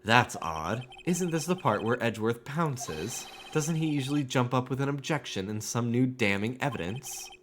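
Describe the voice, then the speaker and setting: A man's voice: mid-range voice, expressive, normal speed, few pauses, a bit bright, slight background noise, lightly acted. A man voicing an earnest young male defense attorney from a video game, pleading and reasoning through a case.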